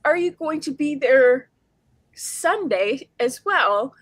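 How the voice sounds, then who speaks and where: A woman on a convention panel telling a story in an unhurried, thoughtful way, pausing with ums. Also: high-pitched, animated, no room sound.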